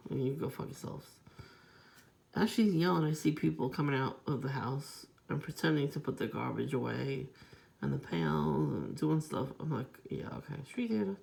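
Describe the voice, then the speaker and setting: A woman's voice: low voice, creaky, a little mellow. A woman vlogger telling a long, aggrieved story in a rambling, profane, casual monologue.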